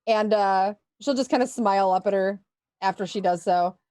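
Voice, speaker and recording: A woman's voice: mid-range voice, moderate pace, mellow, no echo. A woman playing in a tabletop game, chatty and full of fillers. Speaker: player.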